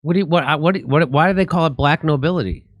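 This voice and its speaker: A man hosting a casual chat who interjects quickly with questions and comments. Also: a little high, no room sound, clean studio sound. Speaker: host.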